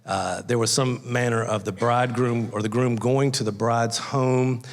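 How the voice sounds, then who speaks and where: A man's gravelly, medium-pitched voice holds a steady tone at normal speed as he preaches a conversational sermon as a guest speaker. He shares folksy stories, acting out little voices along the way. The church sanctuary setting gives the recording a long hall reverb.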